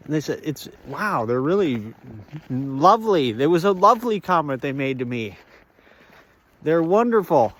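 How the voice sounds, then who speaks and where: A man's voice: on the high side, very animated, moderate pace, a bit bright. A man talking casually in a walk-and-talk vlog, playful and rambling, often drifting into sing-song and laughter. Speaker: vlogger. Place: outdoors on a walk.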